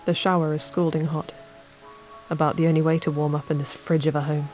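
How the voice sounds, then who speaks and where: A woman narrating a calm bedtime story in the second person, at an unhurried pace. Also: low voice. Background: soft ambient music.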